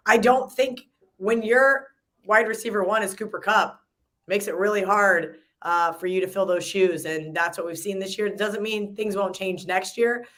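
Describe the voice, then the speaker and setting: A woman's voice: mid-range voice, normal speed, a bit bright. A woman hosting a casual sports betting chat, telling rambling stories in a conversational way. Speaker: sports betting show host.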